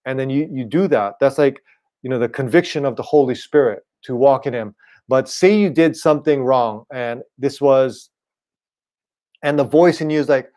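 A man preaching an online sermon in a relaxed, conversational way, often checking in with "right?". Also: medium pitch, normal speed. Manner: casual, repeats "right?" and "you know". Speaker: pastor.

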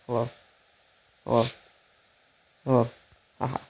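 A man giving casual, rambling commentary while playing a game, gasping and getting excited at cute animals. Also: medium pitch, measured pace, vocal fry, dull audio, background noise. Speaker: let's play gamer.

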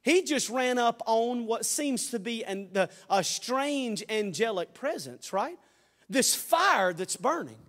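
A man preaching a sermon in a church sanctuary. He is fervent and folksy, jokes with the room, and swings from shouted peaks to quiet asides. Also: extremely high pitch, sing-song, takes it slowly. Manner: folksy, joking. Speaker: pastor. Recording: long hall reverb.

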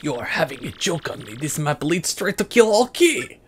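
A man's voice: on the high side, very animated, normal speed, slight background noise. A man voicing a pompous, vain rich male trader with an exaggerated fake French accent, theatrical and grandiose. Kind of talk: let's play voicing game characters.

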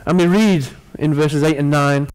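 A man preaching a sermon to his congregation, earnest and warm in tone, with playful asides to the people in front of him. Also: on the high side, fairly even intonation, moderate pace, clean tone.

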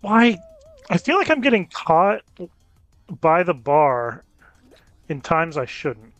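A man giving casual gameplay commentary as a gaming YouTuber, chatting with viewers and reacting out loud to close calls. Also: fairly high pitch, very animated, slow pace, soft background music. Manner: chatty, reacts loudly to near misses.

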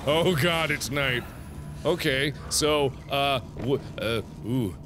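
A man's voice: medium pitch, slow pace, background noise. A man commentating his own gameplay, nervous and easily startled, with panicky exclamations and nervous laughs. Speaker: let's play host. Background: game music.

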